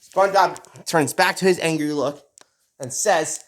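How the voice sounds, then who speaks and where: A man's voice: fairly high pitch, unhurried. A young man narrating a rambling, repetitive fan-made story and reading out every character's lines himself. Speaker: narrator voicing all characters.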